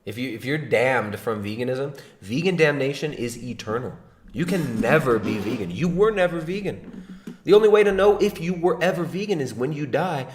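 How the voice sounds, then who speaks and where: A man's voice: mid-range voice, lively intonation, moderate pace, roomy sound. A man hosting a livestream, giving mocking reaction commentary in a sarcastic, laughing way. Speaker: livestream host.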